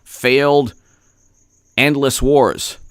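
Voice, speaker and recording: Sarcastic man ranting, smooth dry voice. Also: medium pitch, steady tone, very slow, dry recording. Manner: sarcastic, heated, repeats himself; clears throat often. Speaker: political commentator. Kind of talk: opinion rant vlog.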